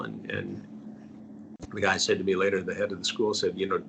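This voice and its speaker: A man's voice: low-pitched, steady tone, fairly quick, vocal fry, background noise. A middle-aged man, a journalist being interviewed, telling a story earnestly and trailing off to a near-whisper at the ends of phrases. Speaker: investigative journalist, guest.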